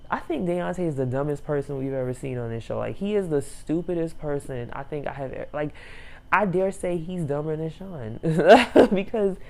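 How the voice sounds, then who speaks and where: A woman's voice: sits low, vocal fry, a little mellow. A young woman reviewing a reality show in a rambling, casual way, laughing often and using many fillers.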